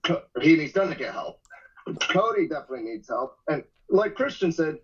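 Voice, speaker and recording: A man with a slightly high voice joins a casual podcast chat. He stumbles into his points and then rushes ahead. His mic sounds muffled. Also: very animated, slightly rough. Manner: hesitant starts, then quick bursts. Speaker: podcast panelist.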